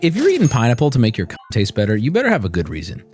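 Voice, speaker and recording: A male streamer opening card packs live and reading the cards aloud, excitable and profane. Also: medium pitch, racing, breathy edge, soft background music.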